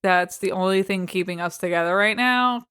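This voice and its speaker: A woman's voice: medium pitch, normal speed, fairly bright tone, clear, resonant tone. Laid-back sarcastic woman co-host. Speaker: podcast co-host. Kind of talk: casual recap chat.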